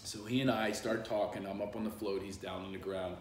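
A middle-aged comedian spins his stories with lively animation and tosses in little voices. His voice bounces around a reflective room over a faint hum of ambience. It is relaxed, casual live-stream talk. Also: fairly low pitch, brisk. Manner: animated storyteller, does voices and bursts into song. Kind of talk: casual storytelling chat. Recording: echoey room.

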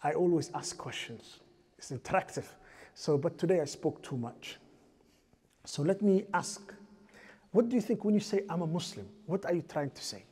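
A man's voice: a little high, animated, moderate pace, darkish tone, slightly rough. A man giving a mosque lecture as imam, asking the audience rhetorical questions and chanting scriptural verses in a raised voice.

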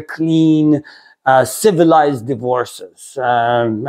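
Earnest middle-aged man, lively pitch. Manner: earnest, halting, many fillers and restarts. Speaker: pastor, ministry video host. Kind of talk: personal testimony talk.

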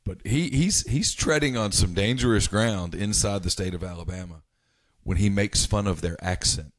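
A man co-hosting a casual sports podcast, talking insistently and jumping up in pitch when he gets worked up. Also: normal speed, dry recording. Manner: animated, insistent, pitch jumps when excited. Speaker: podcast co-host.

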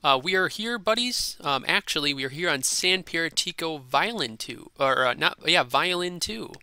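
A man hosting a gaming channel, chatting casually and excitably over gameplay and repeating himself in a silly way. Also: on the high side, normal speed, clean tone, no room sound.

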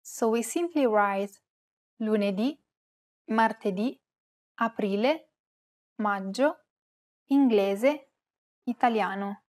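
A woman's voice: fairly high pitch, a little mellow. Woman co-host reading lesson examples. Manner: careful, deliberate reading of example words. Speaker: co-host giving example words. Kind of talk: scripted lesson narration.

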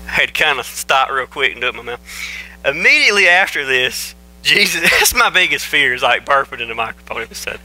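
A man's voice: mid-range voice, expressive, fast talker, pushed and bright, rough recording. A man preaching a casual, folksy sermon in a church on a microphone, joking and telling stories conversationally. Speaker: pastor. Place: church sanctuary.

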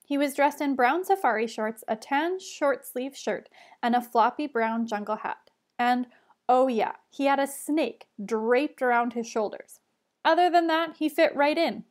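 A woman reads a children's chapter book aloud in an expressive teacher's manner. Her voice sits high and bright. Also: a little slow.

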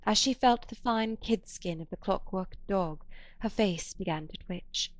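A woman narrating a literary audiobook in a measured, quiet and deliberate way. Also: mid-range voice, dry recording.

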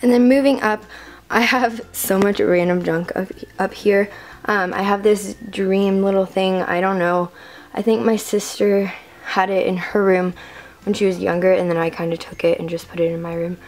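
A woman's voice: mid-range voice, steady tone, normal speed. A teenage girl giving a rambling, filler-heavy room-tour vlog to a handheld camera in her bedroom. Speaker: vlogger.

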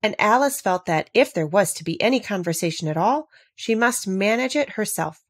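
A woman reading a children's classic aloud in a measured, even storytelling manner, close to the microphone. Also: mid-range voice, breathy edge, dry recording. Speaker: narrator. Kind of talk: audiobook narration.

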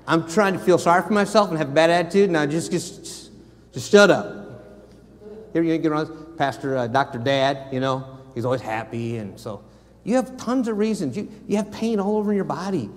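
A man with an American accent preaching a sermon as a missionary, telling stories animatedly and acting out the quotes himself. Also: high-pitched. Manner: animated storytelling, acts out quotes. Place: church sanctuary. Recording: long church reverb.

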